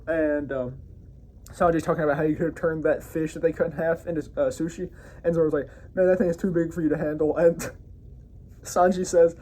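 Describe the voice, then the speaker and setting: A man's voice: a little high, warm tone. A man hosting his own review show, giving a loose, casual recap of an episode with frequent self-corrections and enthusiastic asides.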